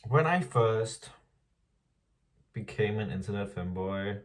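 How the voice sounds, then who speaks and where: A man's voice: on the low side, a little slow, long pauses, distant mic. A man around twenty talking frankly in a casual diary vlog, swearing freely and laughing often. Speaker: vlogger.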